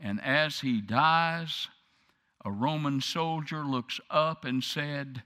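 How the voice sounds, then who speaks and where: A man preaching a sermon, speaking slowly and dramatically and building to impassioned peaks. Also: on the high side, sharp tone, long reverb tail. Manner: slow, dramatic preaching that swells to impassioned crescendos.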